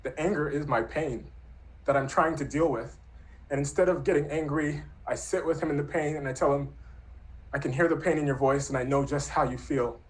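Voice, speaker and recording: A man's voice: fairly high pitch, fairly even intonation, a little fast, rough recording. Earnest man telling a personal story.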